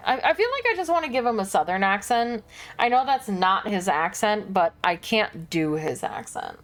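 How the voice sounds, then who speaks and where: A woman's voice: mid-range voice, lively intonation, moderate pace. A woman streamer chatting casually while playing a game, self-deprecating and chatty.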